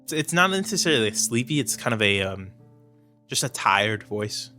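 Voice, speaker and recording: A man's voice: on the low side, very animated, moderate pace, bright, forceful tone, soft background music. A man narrating a tabletop game as game master in a hesitant style with many fillers.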